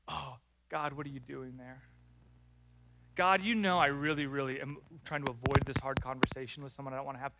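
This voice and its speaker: A male pastor preaching a sermon in church, animated and acting out prayers and complaints. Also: mid-range voice, a little fast, gravelly. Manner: animated, acts out prayers and complaints in lively voices.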